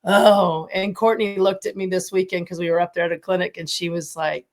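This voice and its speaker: A woman in her fifties, a former college softball coach, telling stories with animation and frequent laughter as a podcast guest. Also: on the low side, fairly quick, slight background noise. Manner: animated storytelling, laughs often. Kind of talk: casual podcast interview.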